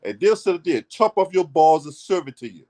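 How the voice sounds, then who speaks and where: A man's voice: on the high side, expressive, brisk, mellow. A man hosting his own political commentary channel, ranting in a heated, profane and sarcastic way.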